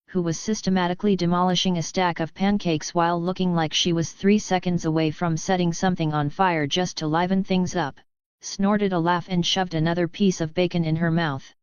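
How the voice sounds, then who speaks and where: A woman narrates an audiobook in a steady, even reading. Her voice is low and smooth. The recording is dry and a little dull. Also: no echo. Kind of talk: scripted narration.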